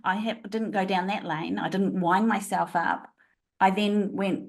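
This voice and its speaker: Expressive woman guest with frequent laughs. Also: medium pitch, measured pace, gravelly. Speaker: guest, leadership trainer. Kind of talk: podcast interview.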